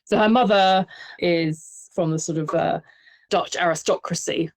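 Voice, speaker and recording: A woman who writes and lectures on film, speaking as a podcast guest in a measured conversational way that is full of "sort of". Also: on the low side, no echo. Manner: measured, peppers speech with "sort of".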